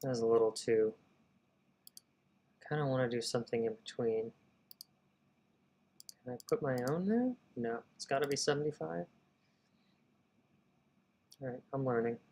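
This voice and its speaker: Unhurried and prone to long pauses, a man with a mid-range voice hosts a live writing stream. He stays energetic, thinks aloud and addresses his viewers as "y'all" in casual talk.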